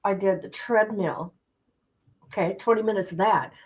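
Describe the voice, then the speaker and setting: A woman's voice: mid-range voice, normal speed, rough recording. Middle-aged woman, livestream host; casual, chatty, repeats herself for emphasis, addresses viewers directly. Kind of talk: casual chat with stream viewers.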